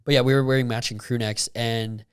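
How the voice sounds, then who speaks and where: A young man co-hosting a casual podcast, talking in a rambling way with lots of fillers and getting animated when he retells a story. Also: medium pitch, brisk, clear, resonant tone. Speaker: podcast co-host. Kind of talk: casual chat.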